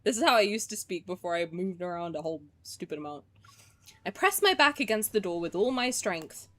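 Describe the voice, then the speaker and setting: A woman's voice: medium pitch, big pitch swings, brisk, a bit bright. Chatty, swearing young woman streamer. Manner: chatty, sarcastic, swears freely. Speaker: game streamer. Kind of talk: casual gameplay commentary.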